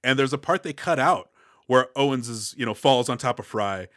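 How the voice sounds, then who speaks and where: A man's voice: mid-range voice, lively intonation, normal speed, a bit bright, no echo, studio quality. A man co-hosting a movie podcast, recapping the plot and laying out his theories in a casual way. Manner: summarizes plots, explains his theories. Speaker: podcast co-host.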